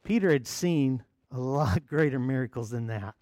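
A man's voice: medium pitch, lively intonation, moderate pace, darkish tone, no room sound, studio quality. A man from the United States preaching a sermon as pastor, telling a story with chuckling asides.

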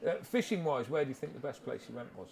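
A man hosting a live interview on stage, giving short prompts and quick quips. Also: medium pitch, expressive, vocal fry, a little mellow. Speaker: host.

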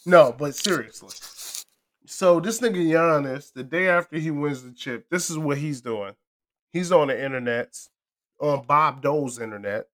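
A man hosting a casual chat with a friend, talking loud, profane and animated, often laughing. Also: a little high, normal speed. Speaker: podcast host.

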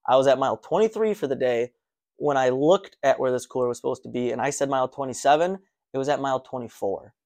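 A man telling his own running story in a casual, animated way, restarting sentences as he goes. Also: medium pitch. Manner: animated, breathless recounting with restarts.

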